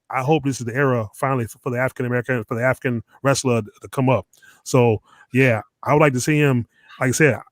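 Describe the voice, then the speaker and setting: A man talks fast and bluntly, hosting a casual podcast chat. He stumbles over repeated words and swears freely. His voice sits close and dry, with no room sound around it. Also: mid-range voice, no echo. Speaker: podcast host.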